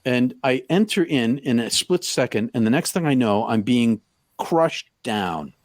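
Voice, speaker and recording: A middle-aged man recounts a personal story in a halting way, full of stops and restarts. His voice sits at a medium pitch. It is recorded dry, with little room sound. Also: expressive, no echo. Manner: halting, full of restarts, acts out quoted lines loudly. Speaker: podcast guest.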